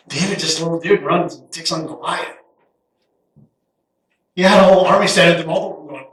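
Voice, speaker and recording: A middle-aged man preaches a guest sermon with a folksy, animated delivery, slipping into quick voices for Bible characters. His voice sits high for a man. It rings around a big echoey church hall, picked up from some distance away. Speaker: guest pastor. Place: church sanctuary.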